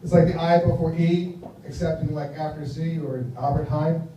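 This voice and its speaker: A man's voice: on the high side, steady tone, moderate pace, lo-fi sound. An American man in his fifties doing a rambling stand-up comedy set, with a mumbling delivery. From United States. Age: 50s. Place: live comedy venue. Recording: very echoey room, voice from far off, faint noise.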